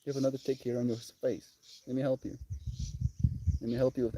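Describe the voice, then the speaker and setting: A man's voice: medium pitch, little pitch movement, fairly quick, pauses often, dark tone, a little hiss or hum. A young South African man chatting on a casual live stream, reading chat aloud and cooing baby talk at his puppy outdoors.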